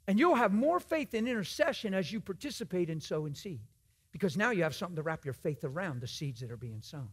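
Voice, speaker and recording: A man preaching a sermon in a church, folksy and emphatic, swinging from loud exhortation to hushed asides. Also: high-pitched, very animated, brisk, breathy edge.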